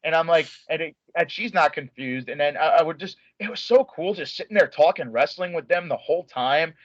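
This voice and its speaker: A young man, an interview guest, telling a story in an excitable, animated way with lots of "like" and restarts. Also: on the high side, a little fast, no echo. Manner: many filler likes and restarts. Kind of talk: casual storytelling. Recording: dull lo-fi dry sound.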